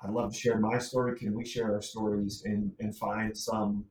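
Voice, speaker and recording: A man's voice: lowish voice, level tone, moderate pace, a little mellow. A man in casual conversation, rambling and restarting, laughing often. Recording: roomy and distant from mic.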